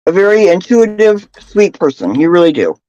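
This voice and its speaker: Encouraging woman, lively voice, dry lo-fi sound. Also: on the low side, moderate pace, no room sound. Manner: warm and encouraging. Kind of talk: casual chat.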